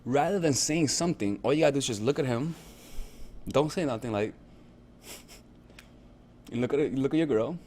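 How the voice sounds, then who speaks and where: A man's voice: mid-range voice, moderate pace, long pauses, a little mellow, a little hiss or hum. Casual, profane male dating coach. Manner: conversational, repetitive check-ins, profane. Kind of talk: casual instructional talk.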